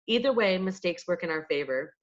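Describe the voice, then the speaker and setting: A woman reading a storybook voices a calm male small-town detective who speaks in a measured, dry way. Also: lowish voice, close to an everyday voice. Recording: dull lo-fi audiobook recording.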